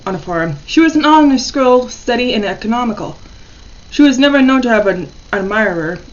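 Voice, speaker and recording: A woman reads a horror short story aloud, plain and steady, with a few slips and restarts. Her pitch sits in the middle of the range. The recording sounds dull and lo-fi.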